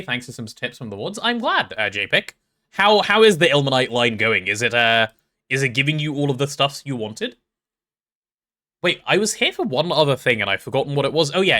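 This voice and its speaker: A man's voice: medium pitch, bright, forceful tone. A man live-streaming a game, chatting casually and rambling as he reads chat and talks through his build.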